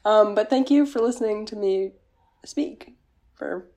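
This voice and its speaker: A woman's voice: medium pitch, a little slow, dark tone. A young woman co-hosting a podcast over a video call, rambling and giggly in casual chat. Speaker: podcast co-host.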